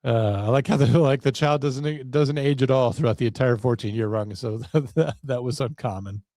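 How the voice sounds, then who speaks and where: A man's voice: medium pitch, normal speed, dark tone, no echo, clean studio sound. A man hosting a solo podcast, rambling in a wry, self-deprecating way. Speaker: podcast host.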